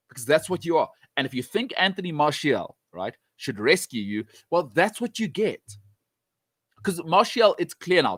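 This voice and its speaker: In opinionated sports talk aimed right at the fans, a football pundit with a slightly high voice gives blunt, emphatic views. He keeps repeating his points to drive them home, and the audio carries no echo.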